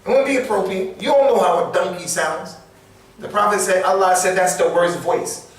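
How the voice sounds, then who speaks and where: An American Islamic lecturer gives an emphatic sermon in a small mosque, repeating key phrases for weight. His voice is high and moderately paced, picked up by a distant mic in an echoey room.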